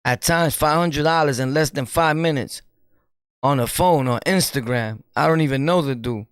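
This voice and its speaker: Gravelly New York streamer preaching to haters. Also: male voice, on the high side, no room sound, studio quality. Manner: animated, preachy, laughs often, street slang. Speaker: streamer and YouTuber. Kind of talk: casual commentary monologue.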